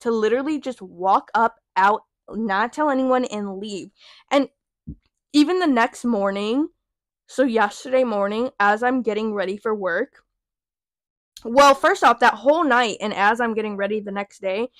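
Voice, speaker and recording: A young woman hosts a podcast, venting in a casual monologue that's heated, profane, and emphatic. Her voice sits on the high side and moves at a measured pace, captured in a dry recording.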